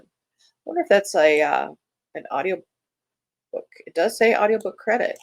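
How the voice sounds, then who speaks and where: A book channel host who reads blurbs expressively, then muses aloud with fillers and pauses. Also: mid-range voice, lively intonation, gravelly, no room sound. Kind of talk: reading book blurbs and casual commentary.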